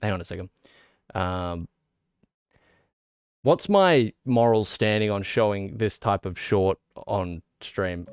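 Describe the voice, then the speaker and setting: A man chatting casually on a live stream, excitable and laughing at his own jokes. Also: on the low side, clear, resonant tone, no echo, studio quality.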